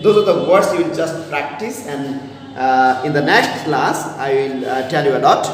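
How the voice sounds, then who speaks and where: A man's voice: on the high side, normal speed. A man teaching a class on stress and intonation, hesitant, with many fillers and repeated words. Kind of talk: explaining to young students. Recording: echoey room, voice far from the mic, faint noise.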